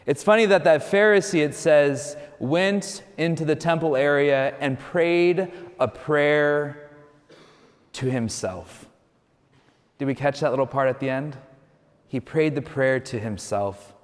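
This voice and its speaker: Conversational priest in a reverberant hall. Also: male voice, a little high, slow pace. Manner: conversational, storytelling, frequent "you know". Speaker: Catholic priest. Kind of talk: homily.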